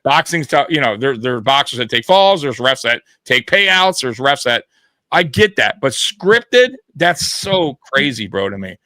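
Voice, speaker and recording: Bright-voiced, foul-mouthed man hosting. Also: medium pitch, very animated, unhurried, dry recording. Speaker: podcast host. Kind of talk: casual sports talk.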